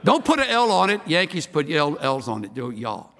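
A man's voice: fairly high pitch, sing-song, brisk, a bit bright, in a large hall. A man putting on a Southern-accented man who teaches him to talk like a local. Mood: teasing. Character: Southern man coaching speech, teasing.

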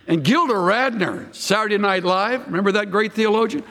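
An older man preaching a sermon, telling stories and swinging from loud exclamations to hushed near-whispers, recorded in a large hall. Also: high-pitched, expressive. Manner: storytelling, drawn-out words. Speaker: pastor. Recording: long reverb of a large hall.

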